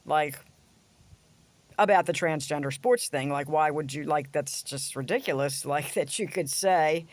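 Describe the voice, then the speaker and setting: A woman's voice: lowish voice, animated, measured pace, no echo. A woman vlogger ranting in a casual, blunt, crude way, with sarcastic jabs and mocking asides. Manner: sarcastic, swings into mocking voices. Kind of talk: casual opinion rant to camera.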